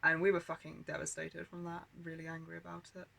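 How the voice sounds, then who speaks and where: Bright-voiced British woman recounting memories. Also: sits low, completely flat delivery, brisk, gravelly, rough recording. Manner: candid and aggrieved, heavy swearing and filler words. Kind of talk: personal storytelling monologue.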